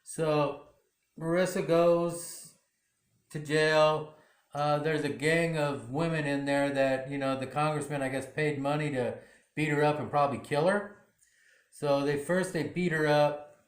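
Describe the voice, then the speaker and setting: A man with a fairly high voice talks through a drama episode, rambling and loose, leaning on "you know" between thoughts. The room around him is echoey. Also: steady tone, measured pace. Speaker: drama recap vlogger. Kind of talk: casual episode recap. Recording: roomy echo.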